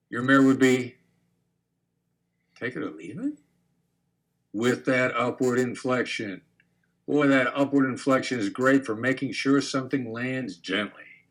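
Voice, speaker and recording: A mid-pitched man teaching negotiation in a calm, measured way. He explains step by step and stops now and then to act out an inflection. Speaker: negotiation instructor. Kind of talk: instructional talk to camera.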